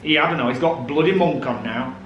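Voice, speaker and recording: A man's voice: on the high side, fairly quick, lo-fi sound. A man co-hosting a casual vlog chat, teasing and laughing often. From South Yorkshire. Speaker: vlog co-host. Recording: echoey room with faint noise.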